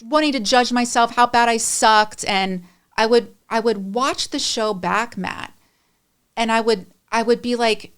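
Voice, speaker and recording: A woman's voice: fairly high pitch, steady tone, a little slow, a bit bright, clear, resonant tone. A middle-aged woman speaking candidly and emotionally as a podcast guest, rambling through personal stories.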